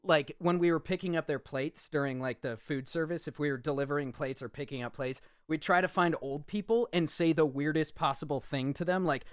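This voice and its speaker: A man's voice: fairly high pitch, brisk, few pauses, smooth, no echo, clean studio sound. Jokey man telling a podcast story. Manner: jokey, swears freely. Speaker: podcast co-host. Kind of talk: casual storytelling.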